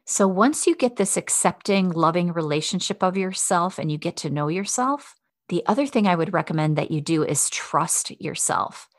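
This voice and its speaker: A woman with a lowish voice talks straight to the listener as a self-help host. She sounds encouraging and kind. The recording is dry and close, with no room sound. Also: animated, normal speed, dry recording. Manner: warm, encouraging, speaks to the listener directly. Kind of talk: self-help podcast talk.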